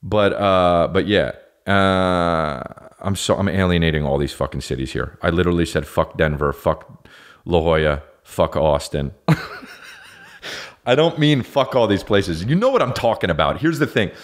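A man's voice: low-pitched, moderate pace. A man hosting a podcast, rambling through a profane, self-mocking comedic monologue that keeps going off track. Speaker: podcast host.

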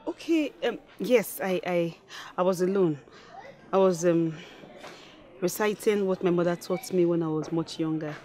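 An actress with a Nigerian accent playing a sharp-tongued, scheming young wife in a film, taunting and scornful. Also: female voice, lowish voice, measured pace, natural voice. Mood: nervous. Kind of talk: Nollywood film acting.

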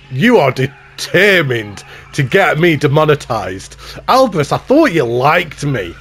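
A man hosting a game channel, giving excited, gushing commentary with self-mocking asides. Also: fairly high pitch, measured pace, a little hiss or hum.

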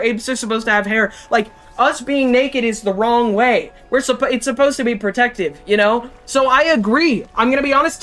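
Excitable, swearing man streaming a game. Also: high-pitched. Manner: excitable, profane, talks to chat. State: has a cold. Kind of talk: casual gameplay commentary.

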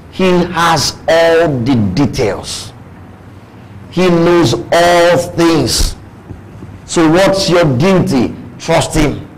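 Nigerian man preaching a lively sermon. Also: a little high, rough recording. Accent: Nigerian English. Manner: preaching with playful asides, acting out quoted voices. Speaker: pastor. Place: church.

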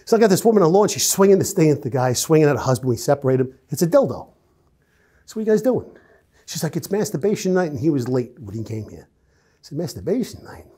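A middle-aged man with a New York accent tells blunt, animated stories from his years on patrol and acts out the dialogue. His voice is dark and mellow with a husky edge. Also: a little high, fast talker. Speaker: retired police officer. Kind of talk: casual storytelling interview.

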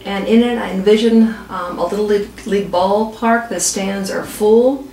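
A woman's voice: mid-range voice, fairly even intonation, moderate pace, dark tone, slight background noise. A woman from West Virginia casually talking through an ad idea as a story, with some ums along the way. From West Virginia, USA. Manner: storytelling, with fillers. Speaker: pitching an ad idea. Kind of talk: casual spoken pitch. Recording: echoey room, voice from a distance.

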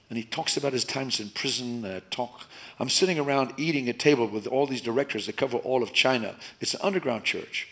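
A man preaching from the pulpit in a mid-range voice. He climbs into loud, emphatic bursts, then sinks to a hushed, intimate tone. Animated, expressive preaching. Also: medium pitch. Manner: animated preaching, rising loud and dropping to soft. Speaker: pastor. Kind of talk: sermon.

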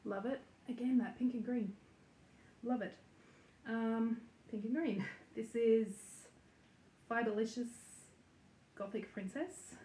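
A woman's voice: a little high, slow, long pauses, mellow. A woman hosting a casual cross-stitch vlog, chatty and giggly with lots of ums and likes, talking to the camera from her home stitching room. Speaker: flosstube host. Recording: echoey room with faint noise.

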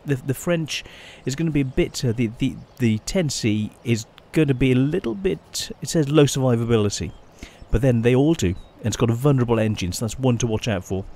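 A man giving casual, chatty gameplay commentary as a channel host, often pausing and restarting his sentences. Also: medium pitch, lively intonation, dark tone. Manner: chatty, halting, many restarts and fillers.

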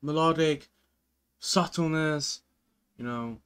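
A young-sounding man with a fairly high, smooth, clean voice talks through a song reaction. He rambles in an earnest, easygoing way and keeps filling gaps with "like" and "you know". It sounds like an informal video rather than a script. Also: takes it slowly, a bit bright. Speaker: music reaction video host. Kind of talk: casual reaction commentary.

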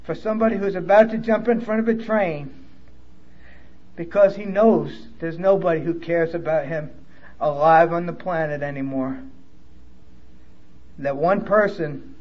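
A man's voice: a little high, highs cut off. A man from New York with a New York accent, telling his recovery story at a conference in a candid, emotional way with blunt swearing. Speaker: recovery speaker. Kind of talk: personal testimony at a conference. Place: conference hall.

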